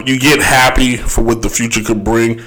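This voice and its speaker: A man talks loosely through his opinions as a podcast host, circling back and correcting himself as he goes. His voice sits in a middling range and sounds a little throaty, and he clears his throat now and then. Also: mid-range voice, fairly even intonation, unhurried, bright, forceful tone, low-quality recording. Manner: rambling, self-correcting, laughs often. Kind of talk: casual solo commentary.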